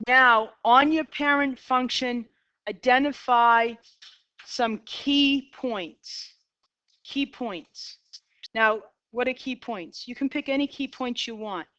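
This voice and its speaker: A middle-aged woman with a Boston accent works through a math lesson, narrating each step as she sketches. Her voice sits a little high and comes through smooth and clear. The recording is dry and slightly dull. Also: takes it slowly, a bit bright, dry recording. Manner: upbeat, talks to herself while sketching graphs. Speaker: math teacher. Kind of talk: classroom lecture.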